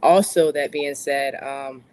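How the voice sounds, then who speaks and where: A woman's voice: sits low, fairly even intonation, takes it slowly, a little mellow. A woman guest explaining her product in a chatty, eager way, laughing easily. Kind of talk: casual interview answers.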